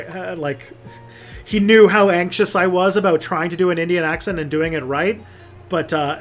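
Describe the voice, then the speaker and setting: A young man hosting a casual livestream, reading viewer comments and rambling with many fillers and restarts. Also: fairly high pitch. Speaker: livestream host.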